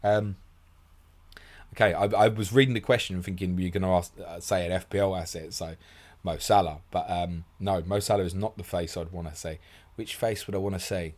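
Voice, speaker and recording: A man hosting a fast live Q&A, blunt and casual, calling listeners mate, with a sore throat and short of sleep. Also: low voice, steady tone, darkish tone. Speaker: host answering viewer questions.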